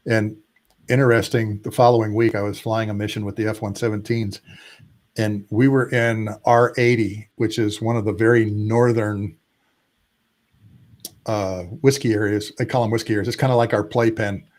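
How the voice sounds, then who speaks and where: A man in his sixties, retired aviator, guest spot, animated storyteller with a lowish voice and emphatic drawn-out lists. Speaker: retired Air Force tanker pilot, guest. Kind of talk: casual storytelling interview.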